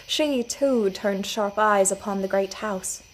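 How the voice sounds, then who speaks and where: A woman narrating her own scripted audio fiction story in a measured storytelling manner. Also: mid-range voice, low-quality recording. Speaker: writer and narrator.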